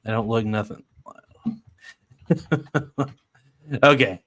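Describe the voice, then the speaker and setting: A man's voice: fairly low pitch, takes it slowly, a bit bright, no echo. A man hosting a casual livestream, reading viewer comments aloud and laughing often. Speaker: livestream host.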